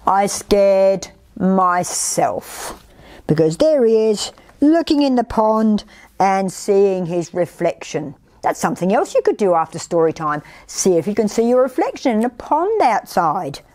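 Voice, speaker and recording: A woman's voice: mid-range voice, sing-song, moderate pace, warm tone. A woman presenting a children's storytime, singing along and reading a picture book with dramatic whispers. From Australia.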